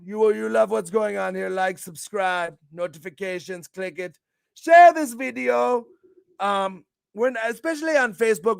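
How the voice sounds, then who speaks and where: Brash male streamer host, gravelly, high-pitched, dry close mic, hypes himself and swears. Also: dry recording. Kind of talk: casual livestream talk.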